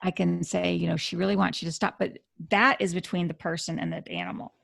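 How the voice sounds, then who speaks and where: A woman's voice: lowish voice, sing-song, brisk, creaky, a bit bright, no room sound, clean studio sound. A woman being interviewed as a dog communicator, explaining earnestly and often restarting her sentences. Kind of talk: radio interview conversation.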